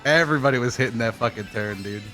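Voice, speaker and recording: A man's voice: mid-range voice, fast, music in the background. A young man from Florida, a guest on a game stream, telling stories between laughs and curse words. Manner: laughing storyteller who swears freely. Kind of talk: casual chat while gaming.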